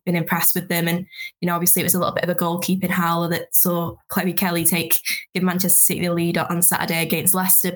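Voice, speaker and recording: A woman football journalist on a podcast panel, talking through her analysis quickly and thinking aloud. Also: fairly low pitch. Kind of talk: casual chat.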